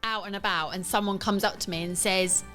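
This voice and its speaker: A woman's voice: medium pitch, steady tone, a little fast, a bit bright, soft background music. Giggly woman co-hosting a podcast. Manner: giggly, enthusiastic. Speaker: podcast co-host. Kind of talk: casual chat.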